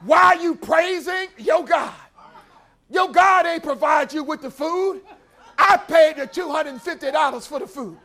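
A man's voice: extremely high pitch, unhurried, gravelly, exaggerated voice. A man preaching a sermon acts out an ornery, grumpy old neighbor who mutters in annoyance and scoffs at a praying woman. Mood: scornful. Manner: muttering, then scornful shouting.

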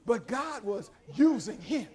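A man preaching a story-driven sermon in a church, calling for responses and building to shouted praise. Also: extremely high pitch, big pitch swings, takes it slowly, a faint crowd.

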